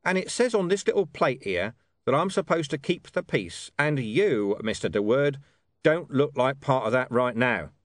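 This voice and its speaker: A man voicing a gruff, wary city watch commander who speaks in a dry, menacing, sardonic way. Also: mid-range voice, animated, moderate pace, no room sound, pitched above the performer's own voice, close to an everyday voice.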